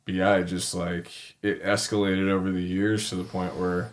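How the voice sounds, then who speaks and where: A man's voice: low voice, little pitch movement, normal speed. A middle-aged man, a podcast guest and retired fighter, telling his story casually in a laid-back way with free swearing.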